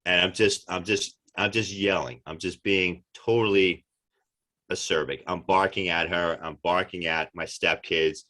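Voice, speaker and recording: Man, deep voice, forceful delivery, animated storyteller, podcast guest chat. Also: a little slow. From United States. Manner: animated storyteller, acts out quotes. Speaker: actor guest. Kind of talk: casual interview chat.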